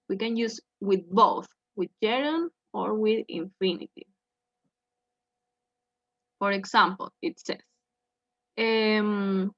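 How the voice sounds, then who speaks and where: A woman teaching an English grammar lesson, speaking slowly and checking in with "okay" after each point. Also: on the high side, fairly bright tone, no echo. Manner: slow, repeats "okay" to check in with students. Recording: dull lo-fi sound.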